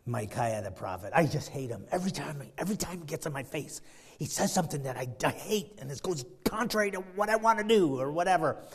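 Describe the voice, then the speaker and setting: A man's voice: fairly high pitch, expressive, fast, husky. A man voicing a proud king who grumbles about a prophet he hates, in a griping, exasperated tone. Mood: resentful. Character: grudging proud male king, complaining.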